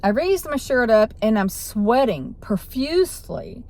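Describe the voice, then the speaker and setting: A woman's voice: fairly high pitch, sing-song, unhurried, darkish tone. A woman vlogger telling a personal story in a rambling way, with restarts and self-corrections.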